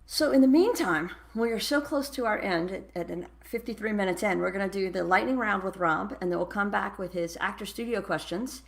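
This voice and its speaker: A woman hosting a live podcast interview through a headset, upbeat and asking quick questions. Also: mid-range voice, gravelly. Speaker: podcast host.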